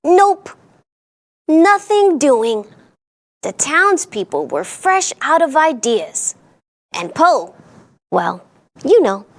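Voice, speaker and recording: A woman's voice: on the high side, sing-song, takes it slowly, gravelly. A woman hosting a children's storytime, reading a picture book aloud in a sing-song storyteller voice and putting on playful voices for the characters.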